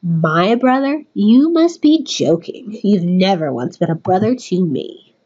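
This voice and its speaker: A woman voicing a cold, haughty aristocratic young male pigeon in a game, speaking slowly and dismissively. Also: medium pitch, animated, mellow, slightly rough, highs cut off, pitched below the performer's own voice. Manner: slow, dismissive, drifting toward a British accent.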